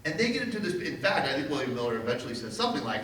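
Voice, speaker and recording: A man gives a history lecture to a crowd, telling the story with lively, wry humor. His voice sits at a middle pitch and is picked up from a distance in a very echoey hall, with faint hiss underneath. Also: very fast.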